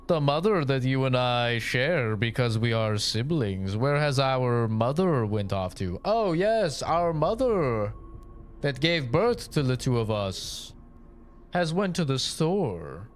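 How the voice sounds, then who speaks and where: A man's voice: mid-range voice, big pitch swings, slow. A man mimicking stiff, stilted formal siblings. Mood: stilted mockery. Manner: mock-theatrical, over-polite.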